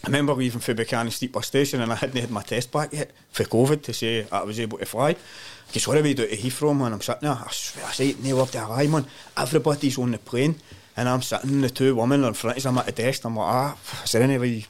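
A man's voice: medium pitch, quick pace. A Scottish man, a podcast guest, telling stories in casual chat and laughing often. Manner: animated storyteller, laughs often.

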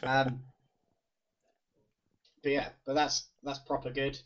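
A young man co-hosting a casual chat, easygoing and chatty with a husky voice. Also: medium pitch, monotone, slow, fairly bright tone. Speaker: podcast co-host. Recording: lo-fi muffled audio.

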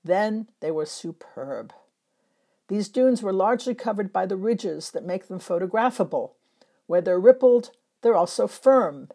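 A woman from Northern Europe reads her travel memoir aloud in a calm, measured way. Her voice sits fairly low and sounds mellow and warm. She is a photographer recalling her trips, and the reading is unhurried and reflective. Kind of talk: scripted first-person travel narration.

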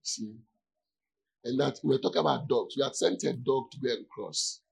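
A man's voice: mid-range voice, moderate pace, gravelly, breathy edge, rough recording. A man preaching as a pastor in a conversational sermon, often checking in with his listeners to see if they follow.

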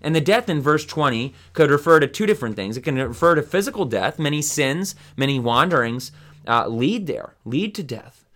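A man's voice: a little high, animated, moderate pace, fairly bright tone. A man hosting a Bible study podcast, teaching in a casual, rambling way with many fillers and restarts.

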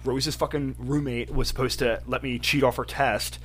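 A man's voice: mid-range voice, fairly even intonation, normal speed, a bit bright, a little hiss or hum. A young man in casual chat, telling a long profane story with quoted asides.

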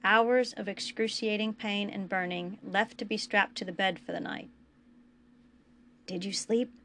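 A woman podcast host reading fan fiction aloud in a quiet, even storytelling manner. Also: medium pitch, normal speed, slight background noise.

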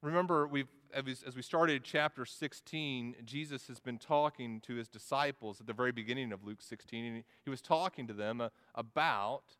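A male pastor delivers a sermon in a hall with long reverb. He speaks earnestly, often repeating words as he builds each point, at an ordinary pitch for a man. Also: normal speed, few pauses, a bit bright. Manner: earnest, with frequent word repetitions. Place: church sanctuary.

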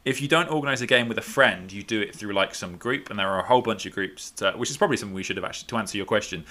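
A man's voice: on the low side, very fast, sharp tone. A man co-hosting a casual podcast, rambling through his points with lots of restarts. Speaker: podcast co-host.

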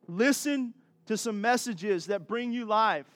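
A man delivers a sermon in an earnest, exhorting way. His voice sits fairly high for a man, and he drops into light asides with a laugh before pressing his point again. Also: a little slow, a bit bright, no room sound. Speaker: pastor.

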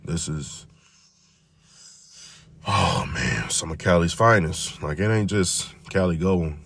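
A man hosting a podcast, talking in a profane, rambling, casual monologue full of drawn-out repetitions. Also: sits low, creaky, a bit bright, slightly rough. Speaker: podcast host.

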